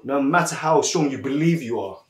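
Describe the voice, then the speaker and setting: A laid-back massage therapist chats to his viewers at a middling pitch, chuckling often as he talks. His voice rings with a roomy echo. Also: lively intonation, brisk. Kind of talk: casual chat and storytelling.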